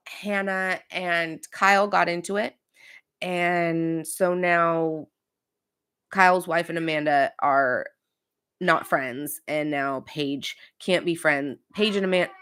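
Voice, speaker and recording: A woman's voice: on the low side, fairly bright tone, clean tone. A woman in her thirties casually recapping a reality show as podcast host, chatty and opinionated with many fillers.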